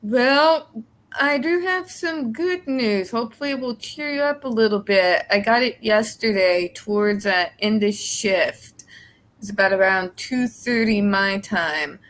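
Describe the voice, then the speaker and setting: A woman from Missouri joins a livestream as a guest over a video call. She talks casually and earnestly, and her voice sits at an ordinary middle pitch. She sounds relieved as she shares her good news. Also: animated, a little slow, fairly bright tone. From Missouri, USA. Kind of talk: casual chat.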